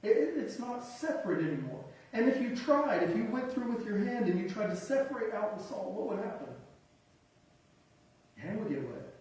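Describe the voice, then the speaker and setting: A man's voice: high voice, very animated, normal speed, darkish tone. A man preaching a sermon, emphatic and conversational, with self-deprecating asides and punchy one-word lists. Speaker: pastor. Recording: echoey hall from far off.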